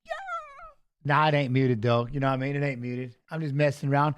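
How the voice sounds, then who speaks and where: A man's voice: mid-range voice, steady tone, fast talker, a little hiss or hum. A man hosting a live watch-along stream, chatting casually and greeting viewers by name, often adding "you know what I'm saying". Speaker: livestream host.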